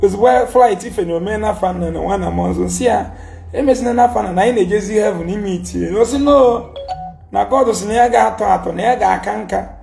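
A man's voice: sits high, a little fast, gravelly, a little mellow, soft background music. A Nigerian man with an Igbo accent, ranting and scolding in a heated social media monologue, mixing Igbo and English and repeating his points. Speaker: commentator.

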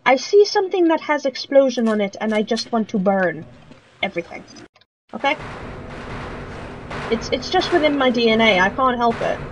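A woman's voice: on the high side, very animated, normal speed, pauses often. A woman giving chatty, joking commentary while she plays a game. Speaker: let's play gamer. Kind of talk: casual gaming commentary. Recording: dull lo-fi mic with faint noise.

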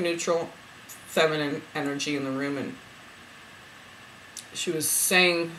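A woman who reads spiritual cards, chatting to camera as she retells a dream, rambling with lots of fillers and restarts and getting emotional and excited. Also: low voice, slight background noise, rough recording. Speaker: spiritual card reader.

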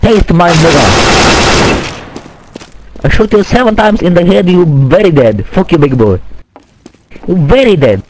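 A man's voice: sits high, expressive, unhurried, pauses often, a little mellow, slight background noise, low-quality recording. A man doing a crude broken-English game troll. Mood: taunting. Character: taunting male gamer troll in broken English. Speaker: online game player. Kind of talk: trash-talking in game voice chat. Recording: gunfire and clicks from the game.

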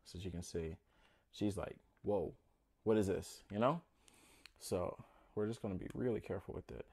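Chatty young man with a lowish voice. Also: fairly quick, a little mellow, breathy edge. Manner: chatty, nervous, talks to his animals. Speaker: pet keeper vlogger. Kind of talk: casual hands-on vlog narration.

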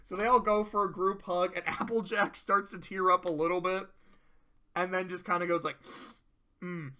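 Male reviewer, casual, animated and profane, high bright voice, slips into quick character voices. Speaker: show reviewer. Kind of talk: casual tier-list commentary.

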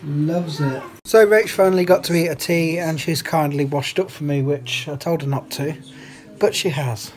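A man's voice: on the high side, moderate pace, faint music behind. A man, talking casually to camera about his evening at home and chatting with his children, cheerful and laughing often. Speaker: family vlogger. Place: family home kitchen, indoors. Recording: noisy home recording.

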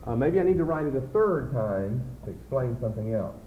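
Heard over phone-quality audio with slight background noise, this Bible teacher speaks in a brisk, sing-song, mid-range voice. His classroom lecture moves step by step through rhetorical questions, dropping away as he faces the board to write.

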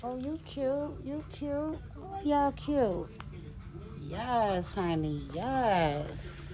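Slow-talking, gushing woman vlogging in a store. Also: fairly high pitch, dark tone. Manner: gushing, exclamatory, talks straight to viewers. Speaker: vlogger and product owner. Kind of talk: casual store walkthrough vlog. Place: large retail store, indoors. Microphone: camera held by another person.

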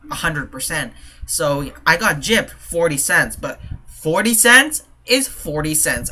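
Brief: male vlogger, exasperated casual rant, sharp bright tone. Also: on the high side, a little hiss or hum. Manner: exasperated, rambling, quick to laugh. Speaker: couponing vlogger.

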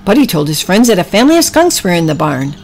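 A woman narrating a children's story with gentle, drawn-out emphasis. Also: fairly low pitch, sing-song, faint music behind, poor audio.

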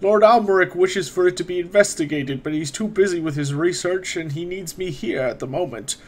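A man's voice: high-pitched, fairly quick, darkish tone. A man voicing a scholarly, courteous older wizard who speaks in formal, old-fashioned phrases.

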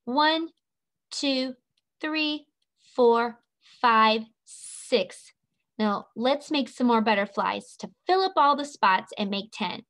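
A woman teaching an online preschool lesson, talking to young children in a slow, sing-song way and stretching out each word. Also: fairly high pitch, expressive, a bit bright.

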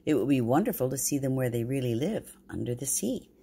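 A woman's voice: extremely low pitch, lively intonation, brisk, gravelly, warm tone, slightly rough, pitched below the performer's own voice, full character voice. An older woman voicing a curious young girl bear cub in a storybook read-aloud, eager and wondering. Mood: wistful.

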